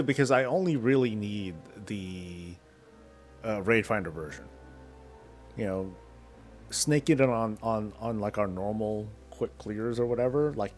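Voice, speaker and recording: A man with a fairly low voice rambles casually through a live gaming stream and answers chat as he goes. Faint music plays underneath. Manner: rambling, answers chat between in-game moves.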